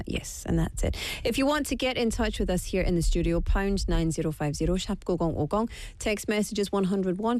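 A woman's voice: medium pitch, smooth, no room sound. A woman hosting a live radio show, chatty and playful, joking at her own expense, speaking into a studio microphone. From Scotland. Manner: chatty, playful, self-mocking. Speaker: radio host.

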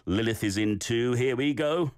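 A man's voice: mid-range voice, normal speed, clean tone, no echo, studio quality. A man hosting a radio language segment, encouraging and playful as he gives feedback to listeners. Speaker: radio host.

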